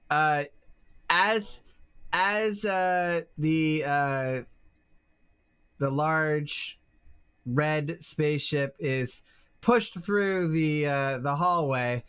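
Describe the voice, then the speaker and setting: A woman narrating a tabletop game as game master, halting with many fillers and restarts. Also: low-pitched, a bit bright, clean tone.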